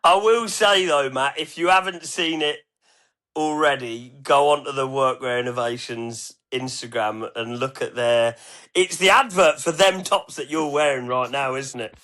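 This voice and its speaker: Bright, cheeky guest. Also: male voice, medium pitch, measured pace. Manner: enthusiastic, laughing, cheeky. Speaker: guest on the show. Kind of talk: casual podcast chat.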